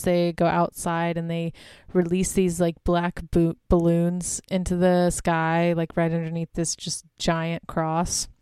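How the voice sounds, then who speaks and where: A woman's voice: on the low side, darkish tone, clean tone, dry recording, studio quality. A young woman hosting a podcast, casually recapping a horror movie in a chatty way full of filler words. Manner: chatty, lots of "like" and "um". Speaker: podcast host.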